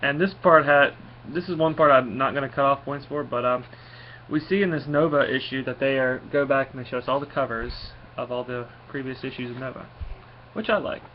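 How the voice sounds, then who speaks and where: A man's voice: medium pitch, steady tone, fairly quick. Rambling man on a dull lo-fi recording. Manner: rambling, with frequent fillers and restarts. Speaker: comic book reviewer. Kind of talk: casual spoken review. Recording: slightly dull lo-fi recording with faint noise.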